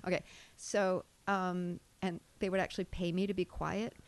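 Older boston lady chatting away, kinda low voice, restarts a lot, lively stories. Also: normal speed, no room sound. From Massachusetts. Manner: chatty, animated storyteller, trails off and restarts. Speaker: guest. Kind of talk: casual chat.

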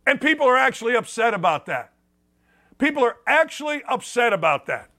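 Sports radio host, a man with a high, bright voice, blunt and sarcastic, lively delivery. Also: a little fast. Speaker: sports talk show host. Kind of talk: opinionated sports talk monologue.

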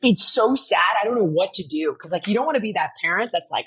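Fast and a bit breathy, this middle-aged woman's mid-range voice carries lively stories as a guest in a casual interview. Known as a fitness personality, she acts out quotes, laughs a lot, and swears without holding back.

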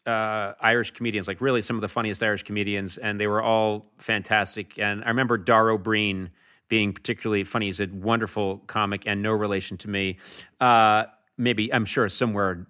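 A man's voice: on the low side, flat delivery, fairly quick, bright, forceful tone, clear, resonant tone. A man, a talk show host appearing as a guest, telling casual anecdotes.

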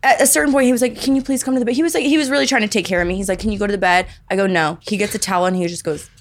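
A young woman co-hosting a podcast, telling a story in casual chat with animated, laughing delivery. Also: medium pitch, rapid-fire. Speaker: podcast co-host.

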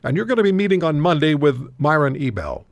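A man's voice: fairly high pitch, sing-song, fairly quick, no echo, studio quality. A man hosting a talk radio show, interviewing guests and giving emphatic commentary with frequent restarts.

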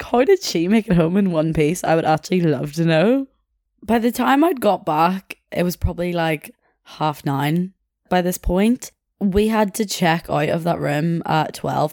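A woman's voice: sits low, darkish tone, dry recording, clean studio sound. A young woman chatting in a rambling way, telling a story and laughing as she goes. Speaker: podcast host. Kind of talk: casual storytelling.

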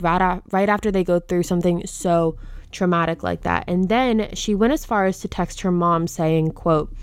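A woman's voice: lowish voice, measured pace, clean tone, no echo, clean studio sound. A young woman hosting a true-crime podcast, talking casually and openly indignant about the case. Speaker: podcast host.

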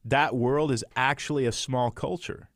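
A man's voice: medium pitch, normal speed, no echo, studio quality. A middle-aged man, a guest author, telling stories in casual conversation, acting out quotes and laughing often. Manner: animated storyteller, acts out quotes, laughs often. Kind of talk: casual storytelling chat.

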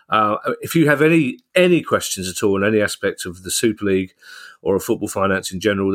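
A man with a fairly low voice co-hosting a podcast in easy, casual chat. He talks in a self-deprecating, rambling way and often restarts his sentences. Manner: self-deprecating, chatty, frequent restarts and laughs. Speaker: podcast co-host.

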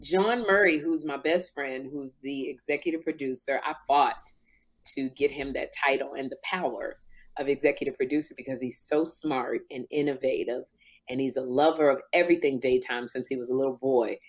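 A woman in her fifties, a talk show host, telling an emotional story in lively chat, jumping up in pitch when she quotes people. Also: moderate pace. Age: 50s.

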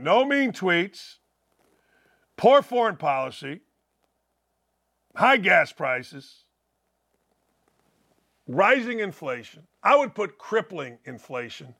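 Loud jokey sports show host guy, gravelly voice sitting kinda high. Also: very animated, takes it slowly, pauses often. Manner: brash and jokey, shouting picks. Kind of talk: loud sports betting talk.

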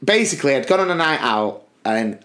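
A man's voice: mid-range voice, big pitch swings, brisk, fairly bright tone. A British man co-hosting a podcast, telling a long personal anecdote in casual chat and often breaking into laughter. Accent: British English. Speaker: podcast co-host.

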